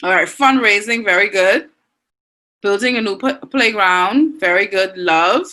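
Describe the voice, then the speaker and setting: A woman teacher with a Bahamian accent, leading an online class and warmly reading out and praising students' answers. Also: mid-range voice, unhurried, low-quality recording. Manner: encouraging, reads students' answers aloud with frequent praise.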